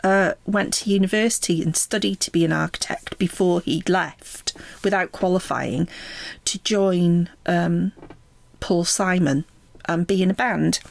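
Slow, relaxed woman chatting about records. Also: fairly low pitch, vocal fry, no echo. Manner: relaxed and chatty, with frequent ums and laughs. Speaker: music reviewer. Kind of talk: casual spoken album review.

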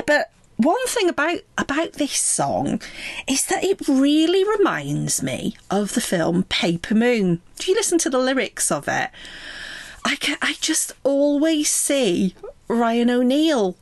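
A woman's voice: on the high side, no echo. A woman talking casually and chattily, reviewing an album track by track with frequent ums. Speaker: music reviewer.

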